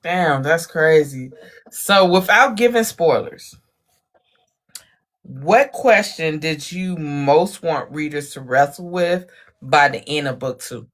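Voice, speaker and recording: A woman's voice: sits low, animated, slow. A woman hosting a casual interview podcast, laid-back with short reactions. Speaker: podcast host.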